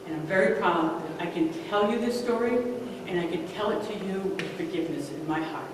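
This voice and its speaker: A woman in her fifties performing a true story live, dropping to near-hushed tones and then rising to emphatic peaks. Her voice rolls through a big, reverberant hall, picked up from far away, with faint room noise behind. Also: on the low side, brisk. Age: 50s. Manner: animated, swings from hushed to emphatic. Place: stage in a large hall. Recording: echoey hall, far-off mic.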